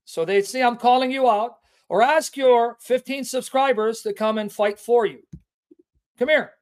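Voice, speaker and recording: On his Christian apologetics livestream, a man calls out an opponent in a taunting, combative way. His voice is very high, and he stresses key phrases emphatically by drawing them out.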